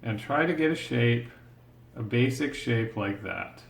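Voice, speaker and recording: With a mid-range voice, animated delivery, an unhurried pace, and vocal fry, a man guides a step-by-step drawing lesson. He explains each stroke as he makes it, thinking aloud in a patient, encouraging way, captured in a roomy, echoing recording.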